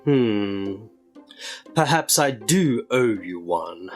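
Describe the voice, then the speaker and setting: A man's voice: fairly low pitch, very animated, drawn-out words, soft background music, heavily acted. A man reading a storybook aloud while voicing a proud, menacing male stranger who talks in an easy drawl.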